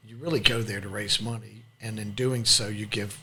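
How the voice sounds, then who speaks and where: A man's voice: lowish voice, fairly even intonation, moderate pace, pushed and bright, slight background noise. A man hosting an interview podcast who answers with short affirmations and explains business points. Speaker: podcast host.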